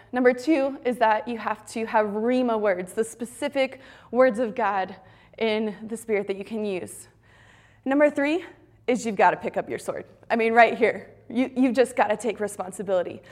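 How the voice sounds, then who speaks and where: A young adult woman giving a fervent, emphatic devotional talk at a retreat. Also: on the high side. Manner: fervent, emphatic preaching that ends in soft prayer. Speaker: retreat speaker.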